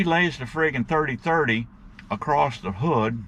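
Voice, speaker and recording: A man telling a rambling, folksy story to his viewers in a casual, animated way, with plenty of slang, and he calls them guys. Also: medium pitch, normal speed, a little hiss or hum. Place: outdoors.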